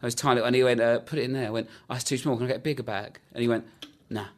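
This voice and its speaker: A man hosting a comedy podcast, telling anecdotes quickly with lots of laughter and put-on voices for the people he quotes. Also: medium pitch, fairly even intonation. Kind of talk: casual banter and anecdotes.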